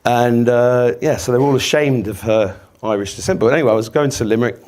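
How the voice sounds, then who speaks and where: Speaking quickly in a mid-range voice with a darkish tone, this English man in his fifties gives a casual storytelling talk, spinning rambling, jokey tales for an audience and swearing freely.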